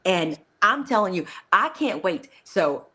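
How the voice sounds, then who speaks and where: Woman host and coach, mid pitch, expressive and emphatic, encouraging tone. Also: a little slow. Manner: emphatic, encouraging, preacherly asides. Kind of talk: casual faith-based interview.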